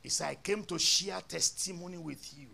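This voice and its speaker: A man's voice: high voice, normal speed, vocal fry, pushed and bright, slightly rough. A male pastor, telling a story in a sermon and acting out both sides of the dialogue.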